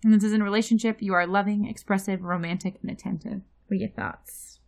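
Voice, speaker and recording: A woman co-hosting a casual podcast, talking freely with lots of fillers and often trailing off softly. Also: medium pitch, steady tone, fast talker, gravelly. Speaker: podcast co-host. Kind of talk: casual chat.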